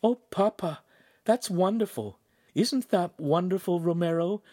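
Male narrator doing an eager girl, lifted in pitch. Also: unhurried, mellow, dry recording, clean studio sound. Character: young woman, the master's daughter, warm and eager.

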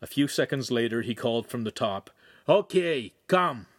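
Man, audiobook narration, measured reading, dry recording. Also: medium pitch, dry recording. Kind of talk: scripted narration.

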